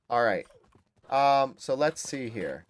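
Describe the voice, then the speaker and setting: Chatting and rambling with viewers during his gaming livestream, a Massachusetts man switches easily between English and Spanish. The voice sits mid-range, with a little hiss or hum on the recording.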